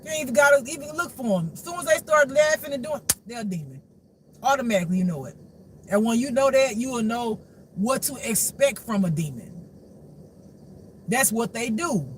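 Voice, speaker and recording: A man's voice: extremely high pitch, expressive, brisk, slight background noise. A man giving a casual intuitive spiritual reading who laughs often, swears freely, and lectures his listeners directly. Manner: preachy, addresses the audience directly.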